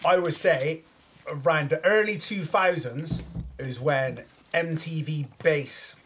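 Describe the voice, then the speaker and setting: A man's voice: fairly high pitch, slow pace, a bit bright, slight background noise. A man co-hosting a casual podcast, talking in a rambling, sweary way with many fillers. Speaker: podcast co-host.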